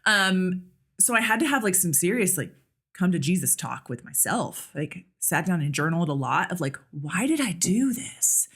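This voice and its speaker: Woman, podcast guest, candid casual chat, lower-pitched voice, lots of fillers. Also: moderate pace, a bit bright, breathy edge. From United States. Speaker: podcast guest, nurse practitioner and clinic owner.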